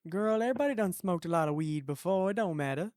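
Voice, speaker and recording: A man's voice: sits high, animated, fast talker, a little mellow, no echo, clean studio sound. A man putting on the voice of a sassy, nosy woman caller, drawling pet names on a prank call.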